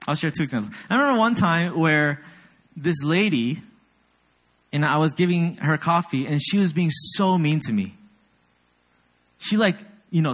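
Animated young man preaching with lively pitch. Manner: animated storyteller, self-deprecating, asks the audience often. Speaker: pastor. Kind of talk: sermon.

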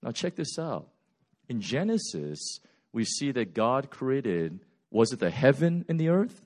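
A male preacher in full storytelling mode, his voice jumping from loud, quick bursts to hushed, slow lines. He acts out characters as he goes and keeps the delivery casual and conversational. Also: mid-range voice, big pitch swings. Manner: swings from loud and fast to quiet and slow. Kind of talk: sermon.

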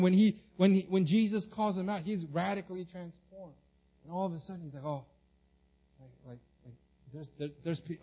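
A male pastor preaches with a high, lively voice, slipping into the voices of the people in the story as he goes. He repeats and restarts his words often. The recording sounds slightly dull. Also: slightly rough. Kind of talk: sermon.

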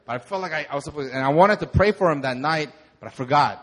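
A young man, a pastor, telling a lively sermon testimony and acting out the moments in his story. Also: a little high, fast talker. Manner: animated storytelling, acts out shouts.

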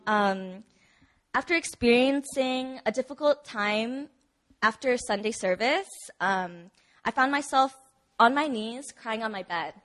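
A woman's voice: fairly high pitch, unhurried, fairly bright tone. A woman sharing her personal testimony at a church service in a chatty way, with many fillers and frequent laughs. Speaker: church member giving testimony.

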